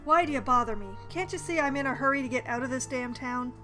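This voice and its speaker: A woman reading aloud the lines of a rude, hurried male mage in her own plain voice. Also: high voice, soft background music. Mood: gruff. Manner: flat read-aloud delivery, no accent.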